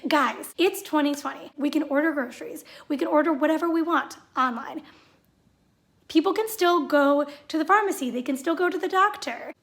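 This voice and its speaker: A high-voiced woman rants to her viewers in a vlog. She sounds sarcastic and fed up, and her delivery drips with mockery. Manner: sarcastic, exasperated. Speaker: vlogger. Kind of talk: ranting vlog monologue.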